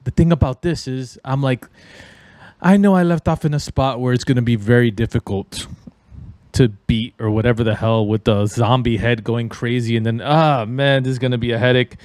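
A man's voice: mid-range voice, dry recording, clean studio sound. A young man rambling and joking crudely while commentating on a horror game. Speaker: gaming channel host. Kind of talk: casual gameplay commentary.

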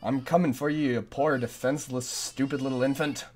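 A man's voice: medium pitch, steady tone, fairly quick, darkish tone, a little hiss or hum. A man commentating a horror game as he plays, frantic and self-mocking, often repeating himself in a panic. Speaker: gameplay commentator. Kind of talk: let's play commentary.

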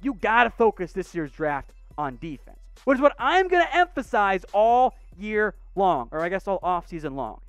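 In a casual mailbag segment, a sports show host rips through viewer questions, blunt, opinionated, and sarcastic. His rapid-fire rant is animated and full of restarts, pitch leaping up and down. The voice is dry and close with faint music underneath and no room sound.

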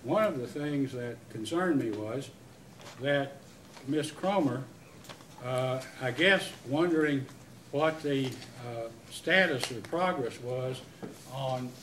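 A man's voice: mid-range voice, slow pace, fairly bright tone, slight background noise. A man, questioning a witness at a public hearing, emphatic and rambling with many restarts. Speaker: utility commissioner at a public hearing. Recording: echoey hearing room, mic at a distance.

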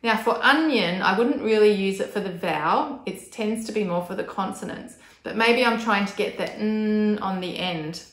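A woman's voice: mid-range voice, normal speed, few pauses, fairly bright tone. A woman speech pathologist explaining techniques in an instructional video, demonstrating sounds with careful, exaggerated enunciation. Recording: echoey room.

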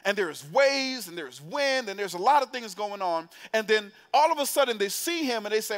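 A man's voice: sits high, lively intonation, normal speed, few pauses, fairly bright tone. A man preaching to young adults in a church, telling a story in a playful, conversational way and putting direct questions to the congregation. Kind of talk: storytelling sermon. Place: church sanctuary.

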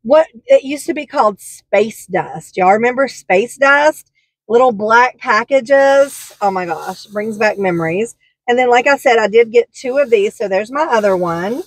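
Brief: chatty woman vlogger, fairly high voice, dry close sound. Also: lively intonation, a little slow, dry recording, rough recording. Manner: chatty, gushing, rambling with fillers. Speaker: haul vlogger. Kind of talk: casual product haul chat.

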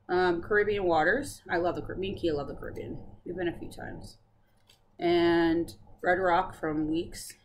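A woman hosting a casual cross-stitch video chat, bubbly and chatty with many fillers. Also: lowish voice. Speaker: Flosstube host.

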